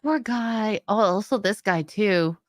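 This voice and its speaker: A woman from Canada hosting a casual livestream chat, giggly and animated, gasping as she reacts. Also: medium pitch, a little slow, dry recording.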